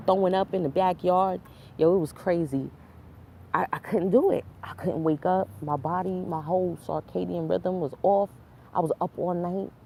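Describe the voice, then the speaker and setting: A New woman with a low, gravelly voice tells her life story straight to camera. She talks candidly in street slang and throws in frequent asides to her viewers. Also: a little mellow, a little hiss or hum. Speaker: vlogger.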